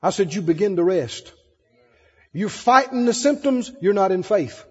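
High husky preacher in an echoey hall. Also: male voice, normal speed, lo-fi sound. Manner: animated, acts out quoted voices, swings loud and soft. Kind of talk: sermon.

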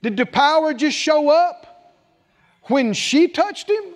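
A man's voice: very high voice, expressive, takes it slowly. A man preaching a sermon, emphatic and full of rhetorical questions, repeating scripture phrases for weight. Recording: long hall reverb.

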